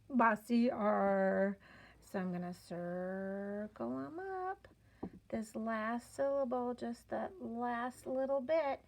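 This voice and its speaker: Slow, bright-voiced phonics teacher woman. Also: fairly high pitch. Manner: slow, clearly spelled-out teaching with playful emphasis. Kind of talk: children's phonics lesson.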